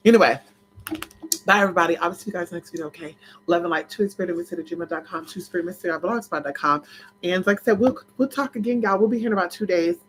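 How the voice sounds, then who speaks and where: A spiritual vlogger chatting casually to viewers in a sassy, dramatic way, swooping up and down in pitch and breaking into laughs and shouts. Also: fast talker, a little hiss or hum. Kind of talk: casual livestream chat.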